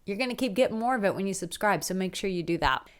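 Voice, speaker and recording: A woman in her thirties giving dating advice straight to camera, candid and emphatic, moving between punchy lines and hushed ones. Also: medium pitch, animated, fast talker. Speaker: dating coach. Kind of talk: direct-to-camera advice talk.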